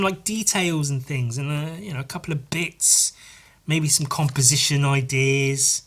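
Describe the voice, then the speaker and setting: A man's voice: moderate pace, fairly bright tone. Rambling sarcastic British man. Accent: British English. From Britain. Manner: rambling, sarcastic, swearing, jumps in pitch for silly voices. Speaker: podcast host. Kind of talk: casual solo podcast chat.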